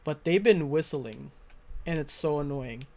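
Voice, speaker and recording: A man's voice: fairly high pitch, measured pace, a little mellow. A man giving live commentary while playing a video game, swearing and venting frustration at enemies into a close desk mic. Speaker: gaming streamer.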